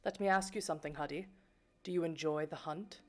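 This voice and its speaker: A woman's voice: low-pitched, fairly quick, a little mellow, faint music behind, lightly acted. Woman doing a grave British vampire scholar. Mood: earnest. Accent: put-on British. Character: reserved, serious male vampire scholar.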